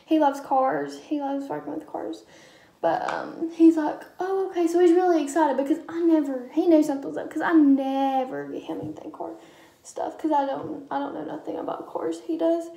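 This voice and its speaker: A woman's voice: high voice, steady tone, normal speed, creaky, warm tone, echoey room. A young woman vlogger chatting casually as she tells a personal story, with lots of ums and quoted dialogue. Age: young adult.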